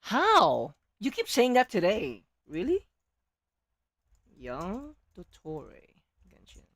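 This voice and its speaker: A woman streamer reacting to a game, animated and jokey, sometimes shouting, sometimes hushed, while losing her voice. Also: a little high, unhurried, no room sound.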